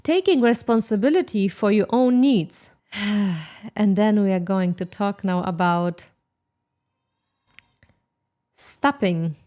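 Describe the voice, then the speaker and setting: A woman's voice: mid-range voice, slow, long pauses, warm tone. A woman hosting a self-help podcast, giving an emphatic motivational talk with sarcastic asides.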